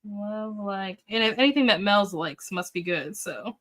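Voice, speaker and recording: A somewhat bright, mid-range female voice, a little slow in delivery, belongs to a booktube host doing a casual live chat. She responds to viewer comments with upbeat oohs and okays and fills her thinking-aloud moments with fillers.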